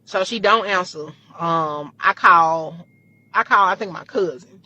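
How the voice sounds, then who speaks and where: A woman with a bright, forceful voice tells a personal story straight to her audience, swearing freely as she gets worked up. The recording sounds dull and lo-fi. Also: on the low side, measured pace. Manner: animated, profane, heated retelling. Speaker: storytime vlogger. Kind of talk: casual storytelling.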